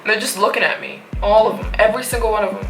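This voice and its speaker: A young woman vlogger telling a story in a lively way, full of fillers. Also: medium pitch, quick pace. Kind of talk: storytime narration. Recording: roomy echo with faint music.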